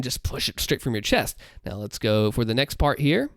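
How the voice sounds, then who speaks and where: Animated man breaking down his voice acting. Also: mid-range voice, moderate pace, dry recording, clean studio sound. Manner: animated, explains with vocal demonstrations; holds back volume late at night. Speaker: content creator explaining his voice work.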